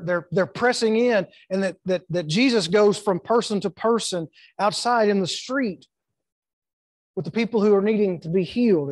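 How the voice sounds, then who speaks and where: A man's voice: sits high, no echo. A middle-aged man preaching a church sermon, emphatic, repeating words and acting out quotes. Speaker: pastor. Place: church sanctuary.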